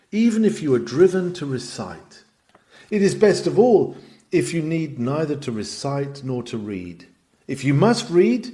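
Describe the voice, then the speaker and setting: A man's voice: mid-range voice, warm tone. A man reading a sermon aloud with a dramatic, emphatic delivery that swells and drops. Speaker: sermon reader. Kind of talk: read-aloud sermon narration.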